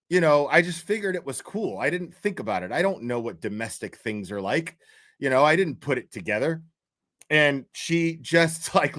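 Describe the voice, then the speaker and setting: A man's voice: a little high, fairly bright tone. Profane rambling storyteller man in his fifties. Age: 50s. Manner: profane, rambling, keeps checking in with "right?". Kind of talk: casual storytelling.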